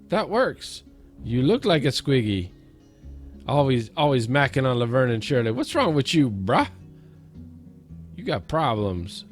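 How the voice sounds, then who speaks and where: A man hosting a let's-play, giving jokey, self-mocking commentary as he talks to himself and the zombies in the game. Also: mid-range voice. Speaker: gaming let's-play host. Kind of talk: casual gameplay commentary.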